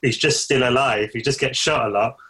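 Bright-voiced man telling anecdotes. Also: medium pitch, a little fast, poor audio. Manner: anecdotal, hedging, acts out quotes. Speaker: podcast co-host. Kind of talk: casual film chat.

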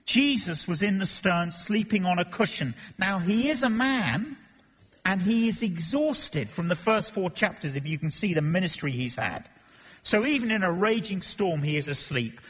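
A man preaching an expository sermon, animated, acting out voices and joking between readings. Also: high-pitched, normal speed, slightly rough. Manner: animated, acts out Bible voices and jokes. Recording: long reverb of a church hall.

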